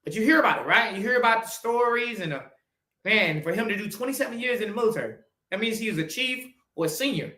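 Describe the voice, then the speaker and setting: A podcast host in his forties delivers a blunt, profane motivational monologue, swinging from loud urging to low, quiet asides. He's animated and quick, and the recording is reverberant.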